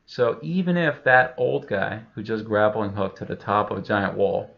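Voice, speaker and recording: A man's voice: lowish voice, moderate pace, vocal fry, muffled recording. A man telling a rambling, profane comic story, full of fillers. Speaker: comedian.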